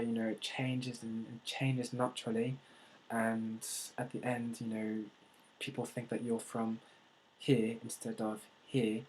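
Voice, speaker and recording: A man from the United States talking to camera in a vlog. He speaks in a deliberately unusual put-on accent and pauses often with fillers and restarts. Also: mid-range voice, darkish tone, slight background noise, rough recording. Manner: hesitant, with many fillers and restarts. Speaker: vlogger. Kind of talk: casual talk to camera.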